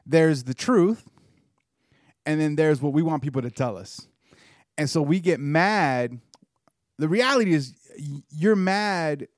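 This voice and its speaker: Man, co-host, blunt, wisecracking, higher voice, lively pitch, dry sound. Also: unhurried, pauses often, no echo. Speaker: podcast co-host. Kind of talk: casual podcast conversation.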